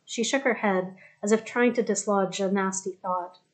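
A woman narrating an audiobook in a steady, even storytelling manner. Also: mid-range voice, moderate pace. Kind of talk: scripted narration.

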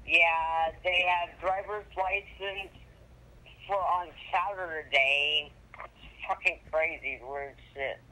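A woman's voice: fairly low pitch, steady tone, slow pace, pushed and bright, a little hiss or hum. A young woman on a phone call, rambling and scattered, swearing and apologizing as she talks. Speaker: caller.

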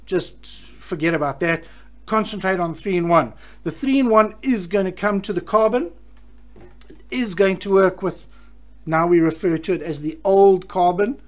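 A man's voice: high voice, a little slow. A man hosting a live stream, chatting enthusiastically and reading out viewer comments, often restarting his sentences. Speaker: host of a live fishing electronics show.

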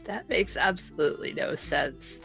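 Low-voiced woman reading a game aloud. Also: moderate pace, gravelly, a bit bright, faint music behind. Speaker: co-player reading the game text. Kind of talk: casual let's play commentary and reading.

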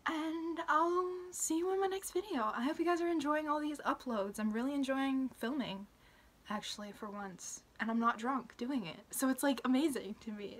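A young woman talking through a personal update to her camera, halting and emotional, with many fillers and restarts, sometimes sinking to a whisper. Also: sits high. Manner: soft, drops into whispers. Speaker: vlogger. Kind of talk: personal recovery update vlog.

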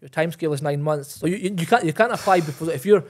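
A man's voice: a little high, racing. A man, a guest in an interview, explaining at length with many fillers. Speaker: guest, property investor. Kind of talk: casual interview chat.

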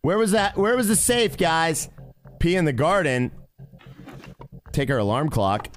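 A man giving live gameplay commentary as a streamer, excitable and constantly talking to his chat. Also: fairly high pitch, a little slow, faint music behind. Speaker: game streamer.

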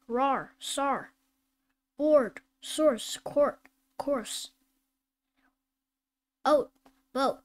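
A woman with a high voice reads phonics word lists aloud. She takes each word very slowly and distinctly, as a reading teacher would. Now and then she stops to correct herself. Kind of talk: slow word-list reading lesson.

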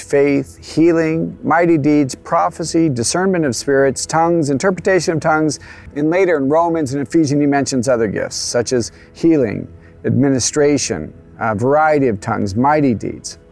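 A man with a gravelly, creaky voice gives an earnest teaching talk, explaining carefully and backing up over his words. Faint music plays underneath. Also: fairly high pitch, normal speed. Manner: earnest, explanatory, some restarts. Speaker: catechetical presenter.

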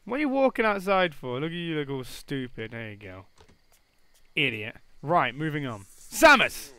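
Excitable gamer, high lively voice. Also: male voice, normal speed, clear, resonant tone, dry recording. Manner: excitable, bursts into shouts, swears, teases the characters. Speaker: gaming YouTuber. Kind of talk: let's play commentary.

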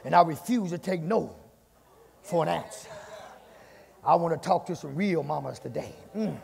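A male pastor preaching a fiery sermon, punctuating lines with "my God" and swinging between shouts and hushed passages. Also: on the high side, lively intonation, normal speed, gravelly, long reverb tail. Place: church sanctuary.

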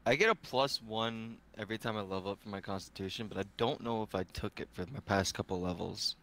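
Young man, tabletop player, low pitch, bright tone, laid-back. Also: brisk. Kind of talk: casual tabletop play.

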